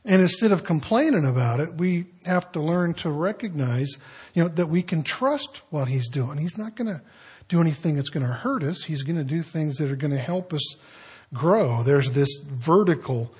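Husky-voiced man preaching a sermon. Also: fairly high pitch, lively intonation, moderate pace. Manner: conversational preaching with storytelling and hushed asides. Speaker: pastor.

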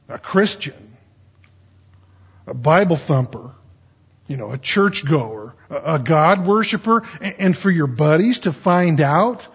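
A man with a husky, slightly high voice preaches a folksy, conversational sermon. He stumbles and restarts often. The church recording sounds dull and muffled. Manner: folksy, stammering restarts, acts out quoted pleas. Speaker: pastor.

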